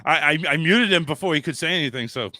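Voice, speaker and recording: A man hosts a casual call-in show in a bright, forceful voice. His pitch swings up and down as he jokes and swears freely. The voice sits somewhat high for a man. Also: expressive, fast talker, no room sound. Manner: joking, profane, reads memes aloud. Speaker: radio show host.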